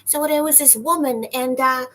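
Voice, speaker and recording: A woman voicing a creepy man who confesses a crime in a high, cartoonish lisping voice, giggling between phrases. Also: normal speed, fairly bright tone, slight background noise. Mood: giggly.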